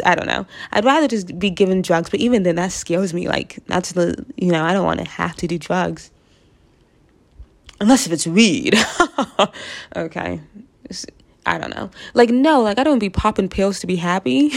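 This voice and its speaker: A woman's voice: on the low side, moderate pace, creaky. A woman from the United States talking casually to camera, rambling through her thoughts with frequent laughs and asides. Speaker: vlogger.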